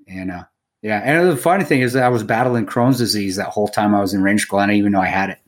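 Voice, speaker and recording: A low-pitched middle-aged man in casual podcast chat. He tells his stories with animation, swears freely and calls his co-host bro and dude. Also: fast talker.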